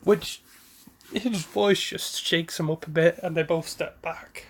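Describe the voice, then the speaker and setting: A man's voice: on the high side, fairly even intonation, takes it slowly. A man casually retelling a fan story in a rambling, self-correcting way.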